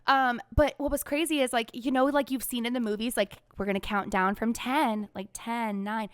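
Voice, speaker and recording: Young woman guest, lively chatty storyteller, slightly high voice, dry room. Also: moderate pace, smooth, dry recording. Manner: animated storytelling, frequent "like" fillers. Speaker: podcast guest. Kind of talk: casual chat.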